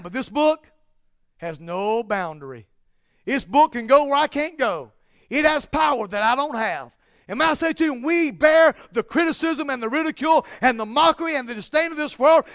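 A man preaching a sermon, building to loud, emphatic peaks and dropping to quiet, slow asides. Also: very high-pitched, expressive, creaky, no echo, clean studio sound.

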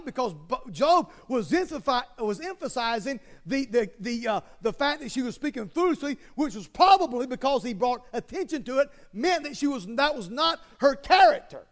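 High-voiced preacher with emphatic bursts. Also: male voice. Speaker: pastor. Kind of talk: sermon.

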